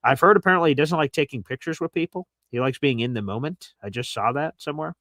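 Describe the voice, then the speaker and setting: A man's voice: fairly high pitch, quick pace, no echo, clean studio sound. A man hosting a casual sports chat show, rambling and telling stories with lots of fillers. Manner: rambling, animated storytelling with fillers. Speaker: host.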